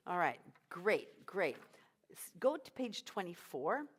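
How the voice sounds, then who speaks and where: A woman leading a choir rehearsal as vocal coach, giving encouraging instructions between high sung drills. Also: very animated, takes it slowly, breathy edge.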